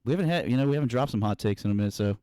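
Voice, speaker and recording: A man's voice: medium pitch, expressive, racing, dark tone, clear, resonant tone, no room sound, studio quality. A man hosting a casual soccer podcast, loose and goofy, cracking jokes and laughing easily. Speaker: podcast host.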